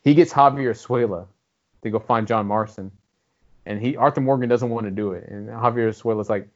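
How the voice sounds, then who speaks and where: Brief: fast, rambling male co-host, low voice, muffled recording. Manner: rambling, animated, swears freely. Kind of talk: casual gaming chat. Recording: dull lo-fi audio.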